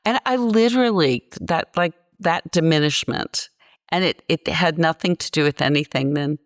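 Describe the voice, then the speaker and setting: A woman in her sixties from Virginia, with a low voice and moderate pace, tells stories bluntly and passionately as a podcast guest. The recording is dry, with clean studio sound, and her animated storytelling gives the interview a candid feel.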